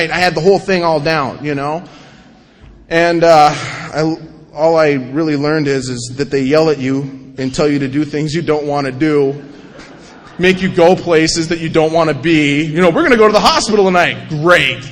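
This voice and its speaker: Man from North Dakota, recovery speaker, high voice, lively storyteller, recorded in a reverberant hall. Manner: animated storytelling, acts out quotes in mocking voices. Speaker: AA speaker sharing his story. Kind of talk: recovery talk to an audience. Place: event hall, on stage.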